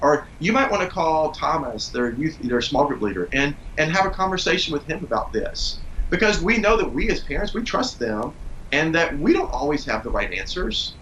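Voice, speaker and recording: Man, forties, earnest and calm, slightly high voice, faint rumble behind. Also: normal speed, low-quality recording. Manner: earnest, calm storytelling with steady explanation. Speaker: parenting guest. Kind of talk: conversational interview advice.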